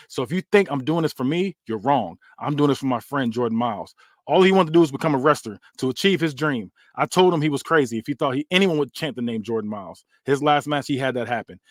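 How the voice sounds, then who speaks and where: A man's voice: medium pitch, no room sound, clean studio sound, close to an everyday voice. A man voicing a determined young male wrestler, talking in a resolute, defiant way.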